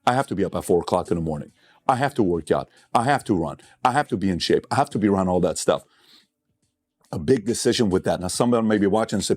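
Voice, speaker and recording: A man's voice: low-pitched, lively intonation, quick pace, a little mellow. A man giving a motivational speech, blunt and conversational, telling stories with emphatic, impassioned build-ups. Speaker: motivational speaker.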